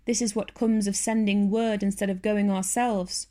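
A woman voicing a stern, sharp-tongued older spinster in a storybook reading. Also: medium pitch, fairly even intonation, normal speed, close to an everyday voice. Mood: stern, scolding. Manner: curt, stern, scolding.

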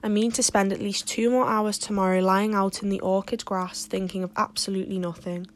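Earnest, ambitious teenage girl with impassioned, wordy speech, read plainly by a woman, mid pitch. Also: little pitch movement, a little fast, natural voice. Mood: joyful.

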